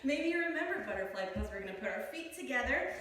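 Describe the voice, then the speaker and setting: A woman's voice: sits high, expressive, fast, a bit bright, heavy reverb, far from the mic. A woman guiding a children's yoga class, playful and encouraging as she demonstrates poses. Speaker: kids yoga teacher.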